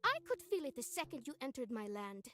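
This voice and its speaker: A woman voicing a brash, loud young park-spirit girl who talks bluntly and sassily. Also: sits high, very animated, brisk. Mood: smug. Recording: clip played with music behind.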